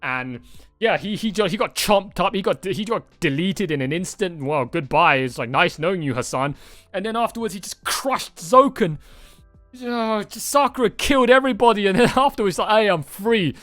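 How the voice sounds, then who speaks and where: A man hosting a movie reaction video, talking excitedly and rambling, with frequent swearing and restarts. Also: sits high, normal speed, no echo, faint music behind. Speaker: reaction channel host. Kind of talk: casual movie reaction chat.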